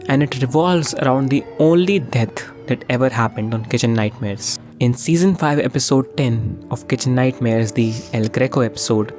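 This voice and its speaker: Lively young YouTuber narrating jokingly. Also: mid-range voice. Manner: jokey, profane, playful swings in tone. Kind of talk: comedic commentary narration. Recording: faint music behind the voice.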